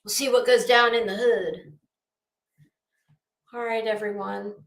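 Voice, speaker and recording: A woman's voice: mid-range voice, fairly even intonation, a little slow. Sassy, blunt woman streamer in echoey room. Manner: sassy, blunt, profane, calls people honey. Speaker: host of a live commentary stream. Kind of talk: casual live-stream commentary.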